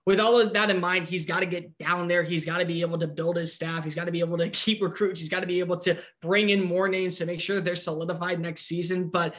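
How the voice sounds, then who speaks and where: A man giving an opinionated, animated breakdown in casual sports talk. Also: sits high, fast, few pauses. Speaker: sports analyst.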